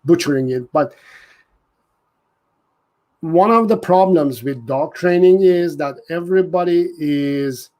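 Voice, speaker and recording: A man's voice: a little high, slow pace, long pauses, a little mellow. A man hosting a live dog-training Q&A, talking earnestly and often restarting his sentences. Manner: earnest, repeats and restarts, reads out viewer comments. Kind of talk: casual live-stream Q&A.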